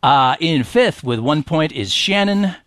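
A man's voice: fairly high pitch, animated, measured pace, fairly bright tone, no room sound, clean studio sound. Playful man hosting a word game. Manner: playful, joking, laughs often. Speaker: game show host. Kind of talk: comedic podcast game hosting.

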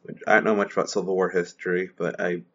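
Deep-voiced man, chatty and hesitant. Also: flat delivery, fast talker. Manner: chatty, hesitant, many fillers. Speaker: discussion co-host. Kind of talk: casual literary discussion. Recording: dull lo-fi sound.

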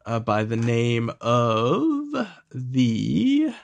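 Male game master, halting, animated delivery. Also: mid-range voice, vocal fry, muffled recording. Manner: hesitant, many fillers. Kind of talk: narrating a tabletop game.

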